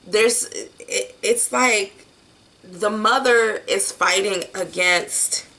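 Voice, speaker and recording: Slow, gravelly woman reading tarot cards. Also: medium pitch, pushed and bright, slight background noise. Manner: blunt, casual and profane, with many fillers. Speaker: tarot card reader. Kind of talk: casual tarot reading video.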